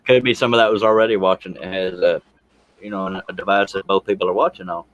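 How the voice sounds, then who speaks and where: A man's voice: sits low, steady tone, fast, fairly bright tone, no echo, dull audio. A man hosting a casual livestream panel chat, reading viewer comments and joking about himself with frequent laughter. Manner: joking, laughs often, self-deprecating.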